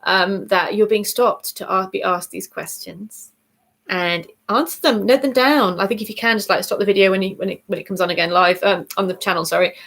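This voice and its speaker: A woman's voice: mid-range voice, steady tone, brisk, creaky, fairly bright tone. A woman hosting a casual weekly tarot reading video, chatty and bubbly, laughing easily and often correcting herself as she goes. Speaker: tarot reader.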